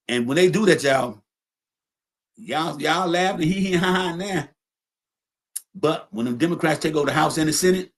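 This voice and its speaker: A man hosts a home livestream and rants to his chat, repeating himself, cussing freely and calling everyone y'all. His voice sits a bit high for a man. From St. Louis, USA. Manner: loose, repetitive, profane, addresses chat as y'all. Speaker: livestream podcast host. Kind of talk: casual political rant to live chat.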